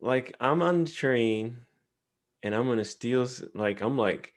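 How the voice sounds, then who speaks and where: Man chatting with a lively pitch. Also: a little slow. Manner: laughing along, brief agreeing replies. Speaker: podcast co-host. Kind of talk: casual chat.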